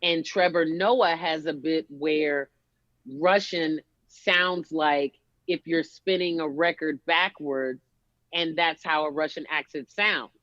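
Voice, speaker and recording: A woman comic chats casually and tells animated stories, acting out the lines of the people in them. Her voice comes through dry and close, with a dull, lo-fi sound. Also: sits low, takes it slowly, no room sound. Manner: animated storytelling, acts out quotes. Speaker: stand-up comedian. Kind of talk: casual chat.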